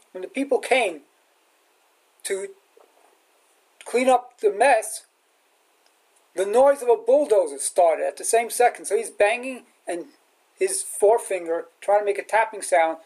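A rabbi and teacher gives a storytelling sermon, recreating a film scene and voicing its lines animatedly. He speaks in a high pitch at normal speed, pausing often, on a rough recording.

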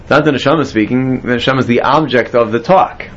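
A man's voice: medium pitch, quick pace, fairly bright tone, dull audio. Man teaching a Bible class. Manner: explains step by step, quizzes students. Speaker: Torah teacher.

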